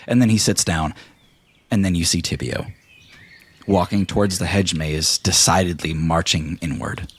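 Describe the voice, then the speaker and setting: A man narrating as game master in a playful, animated way. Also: low voice, normal speed, slightly rough.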